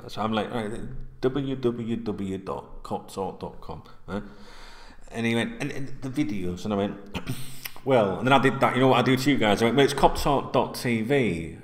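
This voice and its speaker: An English man tells a long, rambling story straight to his viewers, calling them guys and swearing as he goes. His pitch swings widely as he acts out the conversation. The room around him is echoey. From England. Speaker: YouTuber telling a story. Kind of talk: casual storytelling to camera.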